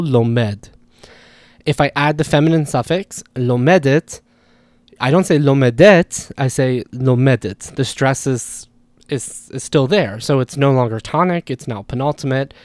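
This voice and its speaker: A man's voice: mid-range voice, a little mellow, no room sound. A man hosting a language podcast, talking casually and explaining ideas through spoken examples, often correcting himself as he goes.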